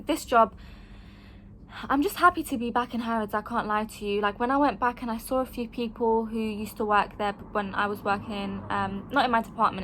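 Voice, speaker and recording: A woman, talking casually to camera as a vlogger and telling her stories in an animated, frank way. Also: mid-range voice, slight background noise. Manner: animated storytelling, frank and emphatic, acts out quoted voices.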